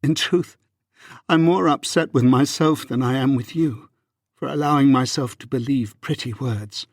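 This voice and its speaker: A man voicing a hurt, proud young Regency wife in an audiobook, with a husky, measured and restrained delivery. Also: mid-range voice, dry recording, clean studio sound, pitched above the performer's own voice, natural voice. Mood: wounded. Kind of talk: audiobook reading.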